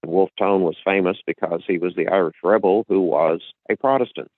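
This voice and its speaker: A man with a very low voice talks at length in a lecturing way, circling back and repeating himself as he builds his point. His voice comes through a thin, phone-like line with a dry, close sound. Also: steady tone, brisk, no echo. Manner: lecturing, with frequent restarts and repetitions. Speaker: podcast host. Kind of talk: casual explanatory talk.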